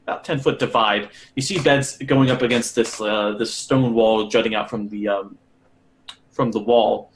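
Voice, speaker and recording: A man's voice: fairly low pitch, steady tone, moderate pace, a little hiss or hum. A man narrating as game master of a tabletop game, rambling with many fillers.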